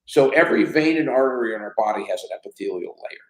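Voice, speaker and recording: Animated man in his sixties, roomy sound. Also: on the low side, fast talker. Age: 60s. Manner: animated storyteller who acts out quoted dialogue. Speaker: company CEO guest. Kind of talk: anecdotal storytelling in a podcast interview. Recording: roomy echo.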